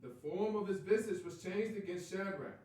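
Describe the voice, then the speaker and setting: A man reading old-style Bible verses aloud, verse by verse, with a fairly high voice. He sits well back from the microphone in a heavily echoing room, so the words sound distant and washed. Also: moderate pace, darkish tone. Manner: reads steadily, announces verse numbers. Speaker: scripture reader. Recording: very echoey room, far from mic.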